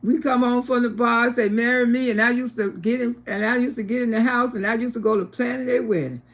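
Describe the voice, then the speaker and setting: Older woman hosting a livestream, gravelly voice, animated storyteller who acts out the quotes. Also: on the high side, brisk. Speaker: livestream host. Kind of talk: casual storytelling to viewers.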